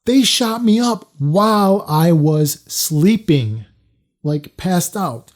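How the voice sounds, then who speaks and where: A man's voice: high voice, expressive, slow. A man telling a personal story to camera in a loose, casual way, full of fillers and restarts. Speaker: storytelling vlogger.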